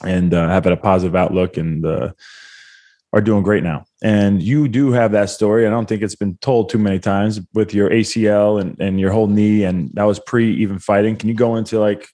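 A man hosting a podcast, chatting casually and telling stories in an animated way with frequent laughter. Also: on the low side, a little fast. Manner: animated storyteller, laughs often. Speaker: podcast host.

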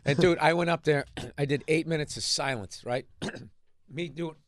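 A man tells profane, animated stories as a comedian guest on a radio talk show. His throat is a little rough from a cigar. He speaks close to a dry studio mic. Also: fairly high pitch, measured pace, dry recording.

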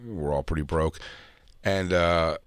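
A man's voice: extremely low pitch, steady tone, a little slow, no room sound, clean studio sound. A man co-hosting a comedy chat show, telling stories animatedly, acting out his friends' voices and swearing freely. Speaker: podcast co-host.

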